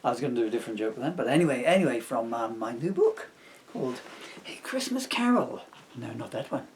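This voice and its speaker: A man's voice: medium pitch, big pitch swings, fairly quick, a little hiss or hum. A man reading aloud from his own comic novel, breaking off often for self-mocking asides. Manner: digressive, self-mocking jokes between passages.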